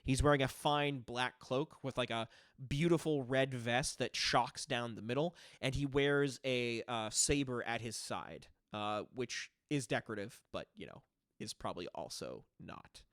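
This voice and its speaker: A man narrating a tabletop game as game master, relaxed and full of fillers. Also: mid-range voice, a little slow, no room sound, clean studio sound.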